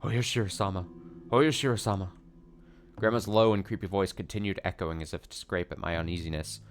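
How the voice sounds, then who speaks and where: A man reading a visual novel aloud for a let's play, with steady, earnest narration. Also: low voice, fast talker.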